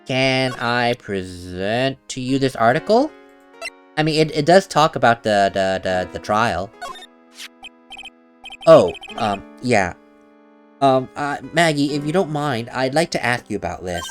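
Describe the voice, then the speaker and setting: A man's voice: medium pitch, expressive, a little slow, soft background music, voice pushed down, natural voice. A man voicing a flustered, exasperated young male defense lawyer who stammers when caught off guard.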